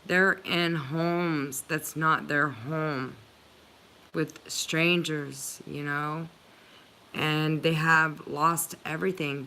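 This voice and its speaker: A woman's voice: sits low, fairly even intonation, extremely slow, bright, forceful tone, slight background noise. A woman hosting a livestream, chatting earnestly and emotionally with viewers, with many filler "likes". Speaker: channel host reading live chat.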